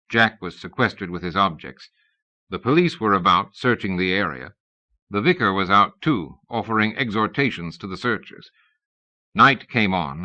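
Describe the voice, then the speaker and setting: A male audiobook narrator with a low voice and lively inflection, telling the story in a measured, wry way. His tone is bright and forceful. The reading comes from a dull, lo-fi cassette recording.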